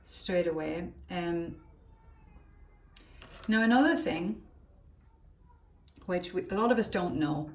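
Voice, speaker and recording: Walking teachers through a live phone demo tutorial, this lower-voiced trainer stays chatty and thinks aloud while she works. Echo rings through the room, and faint hiss runs beneath her voice.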